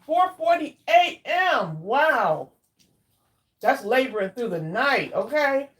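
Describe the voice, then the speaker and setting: A woman hosting a casual craft livestream, chatting warmly with viewers by name and drawing out her exclamations while she eats. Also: high-pitched, very animated, slow pace. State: eating while talking. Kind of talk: casual live chat with viewers.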